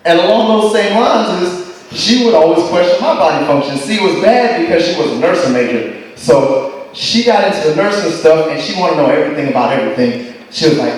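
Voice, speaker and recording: A man's voice: on the high side, fairly quick. A man doing a stand-up comedy set, telling stories about a girlfriend in a profane, exasperated way. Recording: echoey hall, distant mic.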